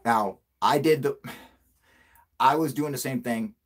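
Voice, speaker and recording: A male channel host in casual livestream chat, a profane, excitable storyteller who laughs a lot. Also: medium pitch, a little slow, husky.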